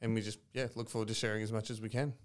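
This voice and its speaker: Relaxed man, smooth low voice. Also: racing. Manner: relaxed, earnest, thinks aloud. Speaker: podcast guest from a coffee roaster. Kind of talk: casual podcast interview.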